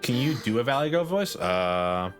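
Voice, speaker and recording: A man's voice: mid-range voice, sing-song, normal speed, soft background music. A young man streaming a game, joking, laughing and swearing in casual, rambling commentary.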